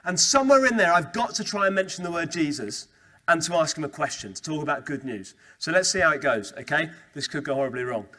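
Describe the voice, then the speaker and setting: A young man giving a lively, conversational talk to a student Christian group, repeating key phrases for emphasis. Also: fairly high pitch, quick pace, crowd noise. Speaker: speaker at a student Christian Union meeting. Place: student meeting room.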